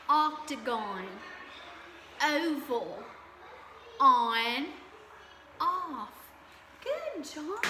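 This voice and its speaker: A kindergarten teacher with a slightly high voice leads the class slowly through spelling and sight words, stretching each letter out and praising the children as she goes. Steady background noise hums under the recording. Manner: slow and drawn out when spelling, encouraging. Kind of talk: slow, clear classroom lesson.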